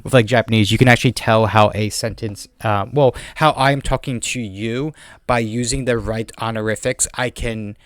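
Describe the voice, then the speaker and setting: A man's voice: mid-range voice, fairly bright tone, smooth, dry recording. A man with a heavy non-native accent, chatting casually as a podcast host, rambling with lots of fillers and restarts. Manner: rambling, fast talker with many fillers and restarts. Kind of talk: casual chat.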